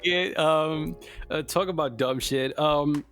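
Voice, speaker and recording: A man's voice: on the high side, slow pace, fairly bright tone, faint music behind. A man co-hosting a sports podcast, ranting in casual, profane, heated chat. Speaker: podcast co-host.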